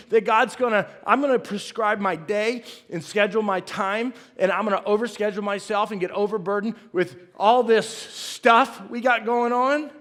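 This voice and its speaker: A middle-aged preacher with a drawl and a fairly high voice, cracking jokes at his own expense and calling out to his congregation. His sermon rings out through a big church sanctuary with a long reverb trailing behind him. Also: fairly bright tone. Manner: folksy, self-deprecating, jokes with the congregation. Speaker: pastor.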